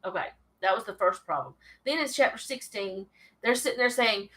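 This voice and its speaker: Bright-voiced woman leading a Bible study. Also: medium pitch, expressive, normal speed, rough recording. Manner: reads scripture aloud, then chats about it with asides. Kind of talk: casual Bible reading and commentary.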